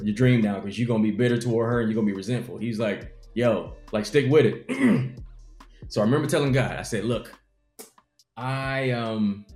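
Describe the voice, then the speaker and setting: A man's voice: mid-range voice, reverberant. A young adult man, a comedian, telling his life story in an interview and acting out the people in it. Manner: animated storyteller acting out quotes.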